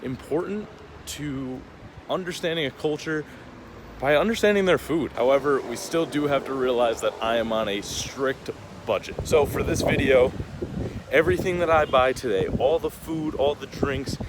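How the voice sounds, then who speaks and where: A man's voice: mid-range voice, normal speed, background noise. A young man vlogging while walking around a city, chatty and self-mocking as he talks to a handheld camera. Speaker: travel vlogger. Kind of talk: casual vlog to camera.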